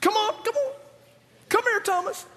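A cheerful, playful man coaxes his friends to come close, as a preacher acts him out. His very high voice is jokey and welcoming, and it echoes through a big church hall. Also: normal speed, bright, forceful tone. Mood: coaxing. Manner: coaxing, jokey.

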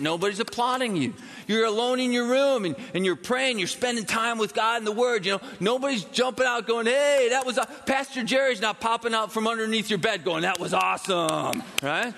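A man preaching a sermon as pastor, animated and acting out quoted voices, then interviewing a guest. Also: very high voice, in a large hall, slight background noise.

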